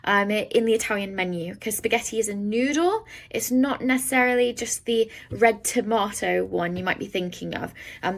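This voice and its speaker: A woman teaching a beginner Italian lesson, explaining words in English and sounding out each Italian word slowly and carefully. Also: medium pitch, vocal fry, a bit bright, poor audio. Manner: slow careful pronunciation of foreign words.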